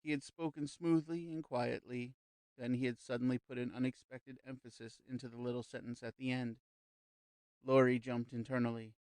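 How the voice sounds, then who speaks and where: A man narrating a classic novel as an audiobook in a measured, even storytelling manner. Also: medium pitch, no room sound. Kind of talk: scripted narration.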